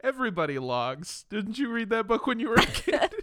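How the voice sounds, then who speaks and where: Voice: medium pitch, brisk, bright, forceful tone. A podcast co-host chatting casually and animatedly, joking, swearing and laughing.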